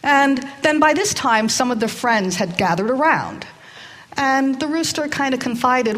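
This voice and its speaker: A woman's voice: high-pitched, expressive, a little slow, fairly bright tone. A woman telling a story live to children in a hall, hesitant, with many fillers, drawing in the audience.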